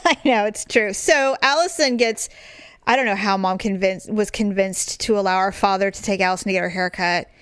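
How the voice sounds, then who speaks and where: A woman in her forties co-hosting a podcast, telling family stories in a casual, animated way and acting out relatives' lines. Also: mid-range voice, normal speed, smooth, no room sound. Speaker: podcast co-host. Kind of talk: casual chat.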